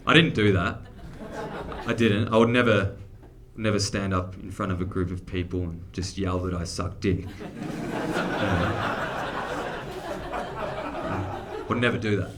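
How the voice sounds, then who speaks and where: A man's voice: low-pitched, steady tone, unhurried, pauses often, heavy background noise. A man with an Australian accent performing a crude, self-mocking stand-up comedy set on a theatre stage.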